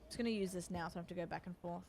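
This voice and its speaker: A woman's voice: fairly low pitch, fairly even intonation, rapid-fire, a little mellow, a little hiss or hum. A young Australian woman chatting with her viewers as she plays, playful and familiar, calling them doll and babe. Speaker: streamer. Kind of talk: casual live-stream chat while playing.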